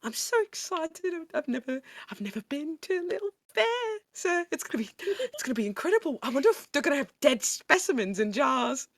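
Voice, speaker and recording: Woman putting on a high, giddy gothic girl for a tabletop game; dry close sound. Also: very animated, a little fast, few pauses, dry recording. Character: excitable gothic young woman Penelope.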